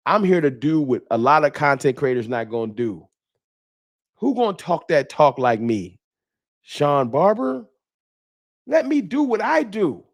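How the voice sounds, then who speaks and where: A man hosting a fan livestream, talking trash in a preachy, animated way and reading viewer chats aloud. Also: medium pitch. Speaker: sports fan show host.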